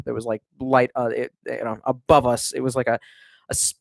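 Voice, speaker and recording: A man's voice: mid-range voice, steady tone, moderate pace, gravelly, no echo. Rambling, foul-mouthed man streaming from home. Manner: rambling and profane, with many restarts. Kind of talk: casual livestream chat.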